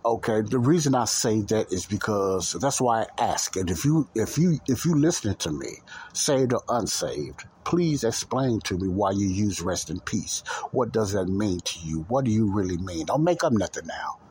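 Earnest low-voiced man hosting a Christian talk show. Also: animated, normal speed, darkish tone, slightly rough. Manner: earnest, repetitive, addresses listeners directly. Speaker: podcast host.

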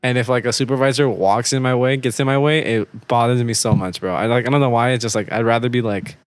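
A young man co-hosting a casual podcast, talking in a halting way full of "like" fillers and breaking into laughs. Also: medium pitch, steady tone, dry recording. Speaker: podcast co-host.

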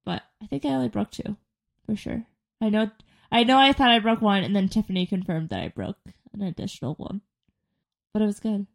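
A woman's voice: medium pitch, lively intonation, fairly quick, creaky. A young woman co-hosting a podcast in casual chat, telling stories and often laughing mid-sentence. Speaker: podcast co-host.

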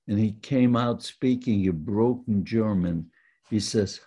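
An older man from Poland, slowly recounting his own life story in a plain, halting manner. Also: fairly low pitch, mellow, slightly rough. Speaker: Holocaust survivor. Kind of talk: testimony storytelling.

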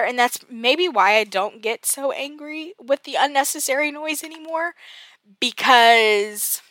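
A woman's voice: on the high side, bright, forceful tone, dry recording. A woman, chatting casually on her podcast, exasperated and laughing at herself, with lots of fillers. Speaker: podcast host. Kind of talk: casual personal podcast talk.

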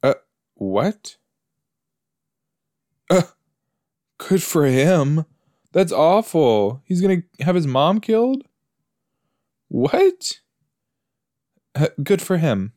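Here a man with a warm voice on the high side speaks slowly, pausing often, with big pitch swings. He's a podcast host joking and chatting through a TV episode watch-along, talking back to the screen. Dry, studio-quality audio.

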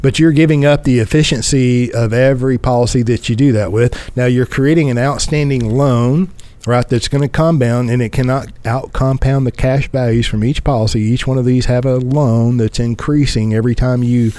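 A middle-aged man with a warm, mellow voice talks through financial ideas in a relaxed podcast conversation. He leans on rhetorical questions and repeats words as he makes his point. The sound is close and dry, with no room around it. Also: mid-range voice, moderate pace, no room sound. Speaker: podcast host, financial advisor. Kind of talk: conversational explanation.

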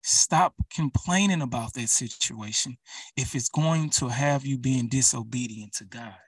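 A man's voice: mid-range voice, a little slow, husky, no room sound, recorded from a distance. Man, preacher, emphatic sermon, direct address, dry sound.

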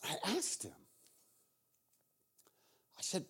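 A middle-aged man preaching as a guest speaker, telling an animated story and acting out the people in it, with playful asides. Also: sits high, unhurried. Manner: animated, acts out the people in his stories. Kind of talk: sermon storytelling.

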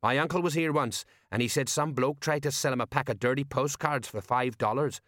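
A man voicing a gruff, blustering middle-aged male city-watch sergeant in a storybook reading. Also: mid-range voice, a little fast, fairly bright tone, no room sound, clean studio sound, pitched above the performer's own voice, lightly acted. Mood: grumbling.

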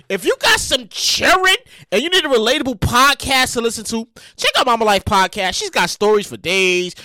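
A New York podcast host, a woman, talking casually and loudly to her listeners, swearing and venting as she goes. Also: fairly high pitch, no echo, clean studio sound. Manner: loud, animated, swearing, vents and shouts. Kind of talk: casual solo podcast chat. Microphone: close podcast mic.

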